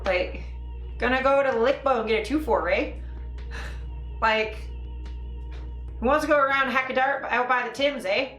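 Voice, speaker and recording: A woman's voice: sits high, moderate pace, long pauses, fairly bright tone, reverberant, soft background music, pitched above the performer's own voice. A woman putting on a thick rural Ontario accent to play a crude, laid-back country man who drawls slang and ends lines with "eh". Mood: boisterous.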